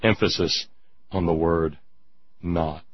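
A man hosts political talk radio in a husky, mid-pitched voice, emphatic and sarcastic as he answers listeners. The recording is dry, dull and lo-fi. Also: steady tone, takes it slowly, dry recording. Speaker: radio talk show host.

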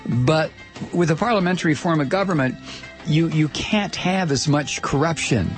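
A man's voice: fairly high pitch, normal speed, faint music behind. A middle-aged man hosting political talk radio. He rants heatedly and stumbles over repeated words as he goes. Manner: heated, ranting, stammering restarts.

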